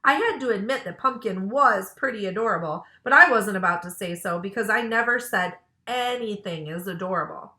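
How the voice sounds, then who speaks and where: A woman librarian reading a children's book aloud in a lively, expressive way. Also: medium pitch, brisk, few pauses. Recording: roomy echo.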